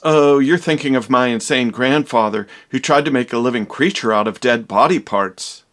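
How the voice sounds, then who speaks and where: A man's voice: mid-range voice, moderate pace, fairly bright tone, close to an everyday voice. A man playing a vain, dramatic young doctor in a comedy parody, with theatrical, exaggerated delivery.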